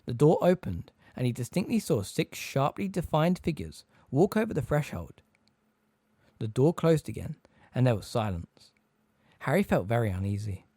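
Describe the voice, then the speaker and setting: A man reads an audiobook close to the mic, telling the story in a lively, expressive way. His pitch is medium and there's no room sound at all.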